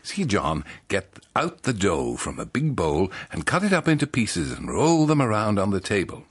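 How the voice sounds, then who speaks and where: A man reading a comic children's-style story in a deadpan, mock-innocent way, adding wry asides. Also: fairly low pitch, normal speed, breathy edge.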